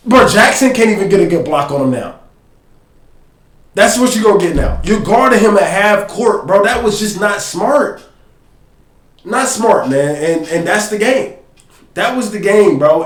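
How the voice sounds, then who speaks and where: Man, high voice, animated slangy film breakdown, echoey room. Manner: animated, slangy, directs a producer to pause and play. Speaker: podcast host breaking down game film. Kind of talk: casual sports film breakdown.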